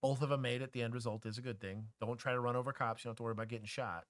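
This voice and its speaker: A man's voice: medium pitch, steady tone, rapid-fire, a bit bright, no room sound, studio quality. A man co-hosting a livestream, a former police officer giving opinionated commentary and explaining use-of-force law.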